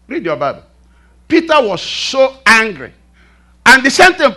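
A male preacher delivering a sermon, animated, throwing rhetorical questions at the congregation. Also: very high-pitched, a little slow.

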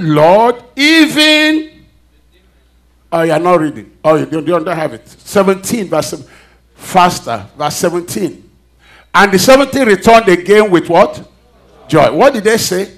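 A man preaching a sermon, reading scripture and drawing answers from the congregation, swinging between loud and soft. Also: high-pitched.

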